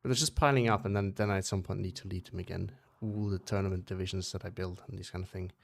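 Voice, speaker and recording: A young Swiss man with a low, gravelly voice chats casually through a game stream. His English has a loose British-American accent, and he wanders and corrects himself while answering viewers. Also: steady tone, quick pace. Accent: Swiss, mixed British-American English. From Switzerland. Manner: rambling, self-correcting, chatting to viewers. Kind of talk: casual live-stream chat.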